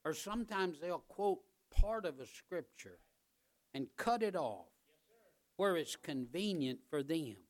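A male pastor preaching a sermon in church, emphatic and repetitive, building up to loud, driving peaks. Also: a little high, animated, unhurried.

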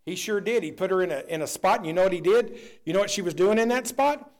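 Man, high voice, lively preaching, loud then hushed. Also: fast talker. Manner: animated preaching, swings from loud to low. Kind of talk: sermon.

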